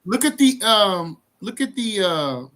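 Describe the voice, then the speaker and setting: A man's voice: high voice, very animated, a little slow, pushed and bright. A man co-hosting a livestream bible study, talking casually and animatedly with many fillers.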